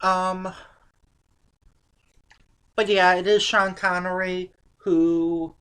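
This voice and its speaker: A woman's voice: on the low side, little pitch movement, drawn-out words, a bit bright, clean tone. A woman reviewing an old movie in casual chat, sarcastic and exasperated.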